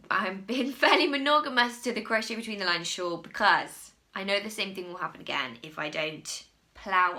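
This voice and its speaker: A woman's voice: mid-range voice, vocal fry, bright, forceful tone. A woman from England hosting a crochet podcast, chatting casually to camera from home in a rambling, self-mocking way.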